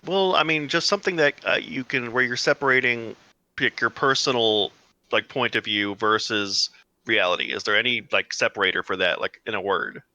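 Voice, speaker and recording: A man's voice: fairly low pitch, normal speed, pushed and bright, no room sound. A man in a casual discussion, hesitant and searching for the right words. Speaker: participant.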